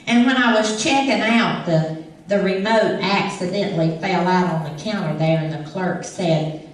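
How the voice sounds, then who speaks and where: Doing live stand-up for a crowd, a middle-aged woman with an East Tennessee country accent spins folksy comic tales and chuckles at her own punchlines. She is a comic impersonator whose voice sits on the low side at a moderate pace, captured distantly in an echoey room.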